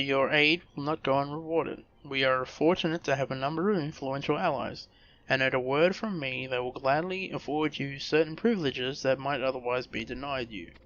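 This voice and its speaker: A man's voice: mid-range voice, a bit bright, close to an everyday voice. A man reading a gracious noblewoman leader. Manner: stumbling reading with slips and restarts. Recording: muffled recording with faint music.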